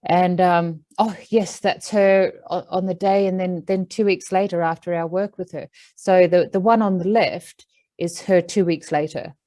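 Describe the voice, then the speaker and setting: A woman with an Australian accent, an animal communicator, telling a story in an animated way with lots of fillers. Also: on the low side, a little slow, low-quality recording. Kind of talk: casual storytelling.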